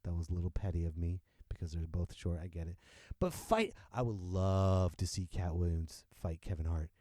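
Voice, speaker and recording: A man hosting a podcast, delivering an unscripted comedic rant in an animated, joking way and laughing often. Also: low-pitched, moderate pace, dry recording, clean studio sound. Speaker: podcast host. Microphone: close podcast microphone.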